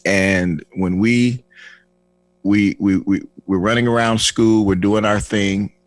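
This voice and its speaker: A man's voice: lowish voice, takes it slowly, no room sound. A man in his sixties from Flint, Michigan, telling his life story as a guest and acting out the dialogue with lots of restarts. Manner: animated, acts out dialogue with restarts. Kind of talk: personal testimony storytelling.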